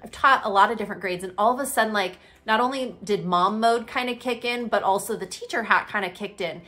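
A woman's voice: medium pitch, brisk, fairly bright tone. Chatty upbeat woman telling a story. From Utah. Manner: chatty, upbeat, fillers like "literally" and "you know". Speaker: real estate agent and coach. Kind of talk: casual storytelling to camera.

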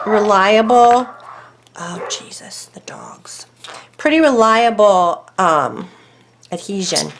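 Her voice a bit high, with a faint hiss or hum in the recording, a woman hosts a relaxed crafting tutorial from home. She chats to her dogs and herself, thinks through every decision out loud, and now and then drops to quiet murmurs.

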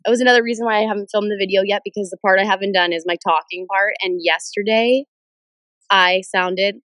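A young woman in her twenties with a bit of a cold, chatting excitedly on a livestream and answering viewer comments. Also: mid-range voice, fairly quick, no room sound. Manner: bubbly, excitable, jumps between viewer shoutouts. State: stuffed up with a cold. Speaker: livestream host. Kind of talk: casual livestream chat reading comments. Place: in a car. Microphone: phone camera.

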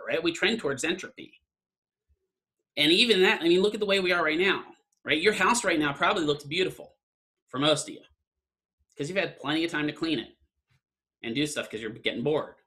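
A man's voice: on the high side, pushed and bright. A man lecturing an online class in a casual, conversational way, often checking in with "right?". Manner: conversational, keeps asking "right?".

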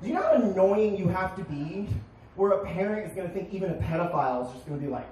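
Young guy doing standup, deadpan then yelling, lively pitch, boomy bar with a loud crowd. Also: fast. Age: young adult. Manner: deadpan punchlines, sudden shouted bits. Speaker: stand-up comedian. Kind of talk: stand-up comedy set. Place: small bar stage. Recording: echoey bar, crowd noise, distant. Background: crowd laughing.

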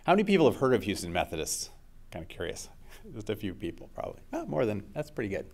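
A man's voice: fairly low pitch, wildly swooping pitch, fast, gravelly. A middle-aged man giving a scientific seminar talk as the invited speaker, conversational and full of uh and um fillers.

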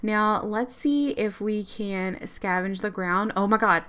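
A woman doing let's play commentary on a life-sim game, excitable and quick to exclaim and laugh. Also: medium pitch. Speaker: gamer.

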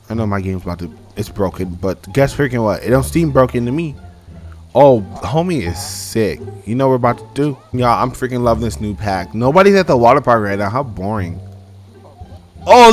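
A young man hosting a gaming channel, giving excitable, casual let's-play commentary and talking straight to his viewers. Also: mid-range voice, normal speed, faint music behind. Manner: excitable, animated, talks to viewers as "y'all".

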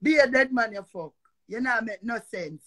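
A woman's voice: fairly high pitch, lively intonation, moderate pace, fairly bright tone. An older woman with a Jamaican accent ranting on a live stream, cursing and repeating herself in a confrontational way. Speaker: social media personality. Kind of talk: heated live-stream rant.

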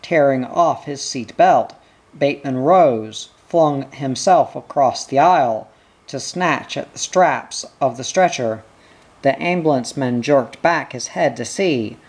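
A reader narrating a short story with a slow, deliberate, dramatic delivery. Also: mid-range voice, expressive, a little mellow. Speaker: audiobook reader.

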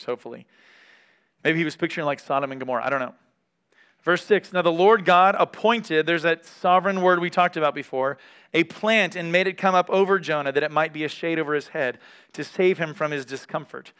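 A man's voice: on the high side, a little fast, fairly bright tone, smooth. A man giving a conversational Bible teaching, reading scripture aloud and stopping to comment candidly. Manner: candid, reads scripture aloud between remarks.

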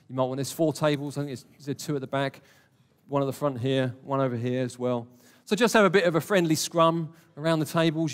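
A man preaching a conversational, emphatic sermon to a live congregation, with jokey asides. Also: on the high side. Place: warm church hall, live congregation. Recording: long hall reverb.

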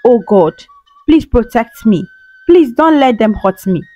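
A woman's voice: a little high, animated, a little slow, warm tone, no echo, faint music behind. A woman voicing a frightened young orphan girl who pleads through tears. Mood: pleading. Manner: tearful, pleading prayers.

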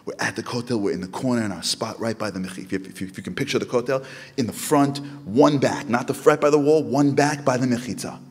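An American man telling a lively story to an audience, acting out the voices of the people in it. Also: fast talker, breathy edge. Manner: animated, acts out quoted voices in a high pitch. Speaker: Jewish speaker. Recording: echoey hall with long reverb.

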